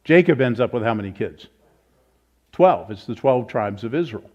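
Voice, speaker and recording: A man's voice: mid-range voice, expressive, moderate pace, a little mellow. A pastor teaching a Bible study in a conversational way, asking the group questions and thinking aloud as he goes. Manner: informal, thinks aloud, self-corrects. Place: church meeting room. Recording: slightly dull, lo-fi.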